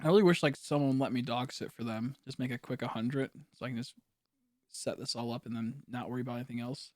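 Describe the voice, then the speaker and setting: A man's voice: mid-range voice, steady tone, quick pace, dry recording, clean studio sound. A young man chatting casually while streaming a game, rambling with mumbled asides and lots of fillers. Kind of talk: casual live-stream chat while gaming.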